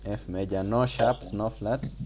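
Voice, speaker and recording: Slow, deep-voiced male music teacher. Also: fairly even intonation, darkish tone, a little hiss or hum. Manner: patient, explains slowly with fillers and repetition. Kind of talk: online group class lesson. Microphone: video call.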